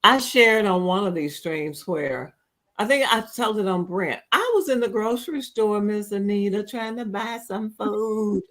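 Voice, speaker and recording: Woman podcast host, animated storyteller, acts out voices in her stories. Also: medium pitch, unhurried. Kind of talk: casual chat.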